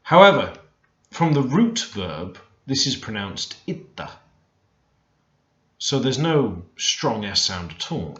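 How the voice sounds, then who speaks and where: A man teaching beginner vocabulary in a relaxed, thinking-aloud way, often stopping to correct himself. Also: fairly low pitch. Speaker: language learner teaching Korean. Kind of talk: screen-recorded language lesson. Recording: roomy, dull lo-fi screen recording.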